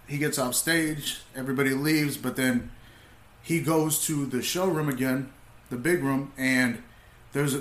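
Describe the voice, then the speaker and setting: A young man, a comedian, telling stories in laid-back casual talk, swearing freely and getting animated as he retells. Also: mid-range voice, echoey room. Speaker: comedian, podcast guest. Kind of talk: casual storytelling.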